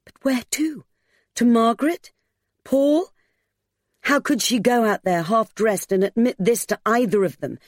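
A woman reads a novel aloud in a steady, measured voice at a middling pitch. The sound is dry and close to the mic, with no room around it. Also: no room sound. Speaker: audiobook narrator. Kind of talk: scripted narration of a novel.

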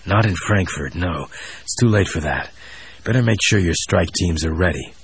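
A man voicing a calm civilian commander who speaks in a quiet, measured way with a low, husky voice. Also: no room sound, full character voice.

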